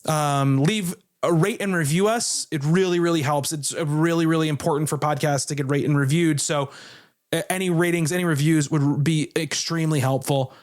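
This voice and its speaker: Chatty higher-voiced male podcast host. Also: brisk. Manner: chatty, loose, with filler words and restarts. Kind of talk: casual film podcast chat.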